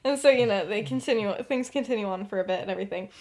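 A woman's voice: medium pitch, racing, darkish tone. A woman podcast co-host casually retelling a story, giggling and full of fillers.

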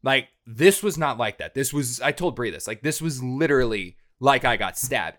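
A man's voice: mid-range voice, normal speed, hardly any pauses, fairly bright tone. A man co-hosting a show, telling a long story in a casual, rambling way with lots of fillers and restarts.

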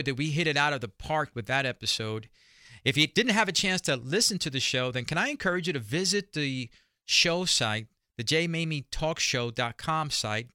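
Male radio host with an accent, encouraging and upbeat, bright and smooth-toned, dry studio sound. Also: mid-range voice, dry recording. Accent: noticeable accent. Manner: upbeat, encouraging, repeats his appeals. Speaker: radio talk show host. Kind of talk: radio talk show monologue.

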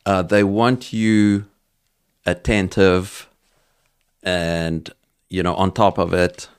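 A middle-aged South African man with a very low, gravelly voice, speaking as a podcast guest. He thinks aloud as he goes and leans on ums and restarts. The sound is close and dry. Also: steady tone, slow, no room sound. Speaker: podcast guest, entrepreneur and cattle farmer. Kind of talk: casual interview conversation.

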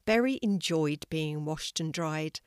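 Older woman, grandma storyteller, low gentle voice, dry close sound, measured read. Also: clear, resonant tone, no room sound. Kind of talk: reading a children's story.

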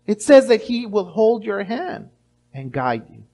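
A middle-aged male pastor preaching a sermon, animated, acting out little voices and restarting his words often. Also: high-pitched, a little slow.

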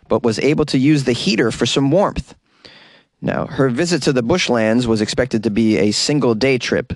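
A man's voice: mid-range voice, dry recording. A man hosting a comedy news podcast, reading stories with wry, jokey asides. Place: closet. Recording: dry closet recording.

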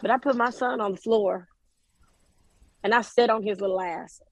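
A woman's voice: medium pitch, moderate pace, dry recording, rough recording. A woman in her forties, from Oklahoma, telling a personal story in a plainspoken, direct way. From Oklahoma, USA. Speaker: guest, mother.

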